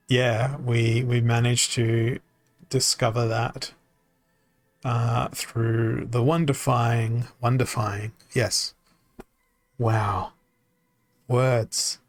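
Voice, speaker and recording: A man streaming a card game, thinking aloud in a halting, self-mocking way, his voice tired and worn from talking. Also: medium pitch, gravelly, dry recording. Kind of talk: casual live-stream commentary.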